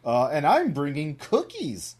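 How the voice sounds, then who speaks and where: A man voicing a chirpy female fox from an old cartoon, speaking in a high, sing-song way. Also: wildly swooping pitch, measured pace, a little mellow, breathy edge, exaggerated voice. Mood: cheerful.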